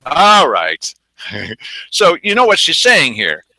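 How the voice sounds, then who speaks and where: A man's voice: on the high side, wildly swooping pitch, takes it slowly, pushed and bright, no echo, low-quality recording. A man hosting an opinionated news commentary, indignant and sarcastic, mocking the people he quotes. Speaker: news show host.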